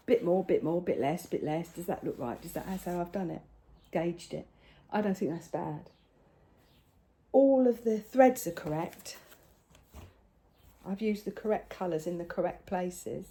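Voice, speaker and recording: Chatty older woman, mellow voice. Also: mid-range voice. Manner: rambling, chatty, with soft hushed asides. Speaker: crafting vlogger. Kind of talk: casual chat showing crafts. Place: home.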